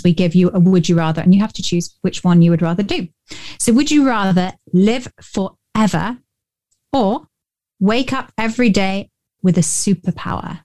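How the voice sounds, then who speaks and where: A woman's voice: mid-range voice, darkish tone. A woman with a mid-range voice co-hosts a podcast. She chats casually and tells reflective stories with her guest. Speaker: podcast co-host.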